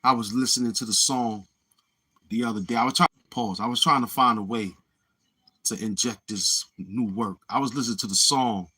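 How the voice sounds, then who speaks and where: A husky man talks in a loose, rambling livestream monologue. His voice sits at a middle pitch and has a slightly rough edge, and he keeps murmuring mm-hmm as he goes. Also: moderate pace, bright, forceful tone. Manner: rambling, with many murmured mm-hmms. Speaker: livestream host.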